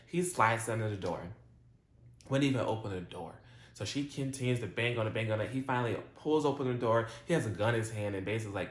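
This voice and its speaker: A man's voice: medium pitch, fairly quick. A man giving a casual recap of a TV episode in a chatty, slangy way, full of "like". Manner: chatty retelling, heavy use of "like" and slang. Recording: roomy echo.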